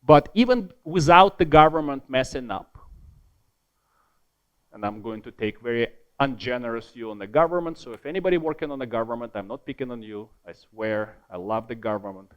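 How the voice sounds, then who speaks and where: A man giving an academic conference keynote, lively and emphatic, repeating words for stress and adding joking, self-deprecating asides. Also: medium pitch, a little fast. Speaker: keynote speaker.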